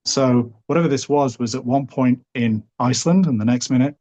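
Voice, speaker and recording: A middle-aged man with a Liverpool English accent, a podcast guest telling a long story in a relaxed, rambling way full of "sort of" and "you know". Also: medium pitch, brisk. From Liverpool, England.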